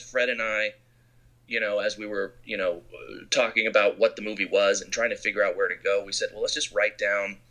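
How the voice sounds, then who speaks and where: A man from Arizona, a film director, telling anecdotes in an interview and acting out quotes. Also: on the low side. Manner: animated storyteller who acts out quotes.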